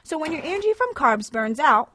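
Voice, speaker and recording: A woman's voice: high-pitched, big pitch swings, brisk, pushed and bright, slight background noise. Cheerful woman explaining facts. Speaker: presenter. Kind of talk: scripted educational presenting.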